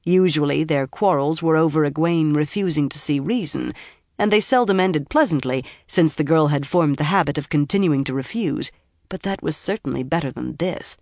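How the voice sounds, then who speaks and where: Woman narrator, deep for a woman, measured audiobook delivery, dry close mic. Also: a little mellow, no echo. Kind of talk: scripted fantasy narration.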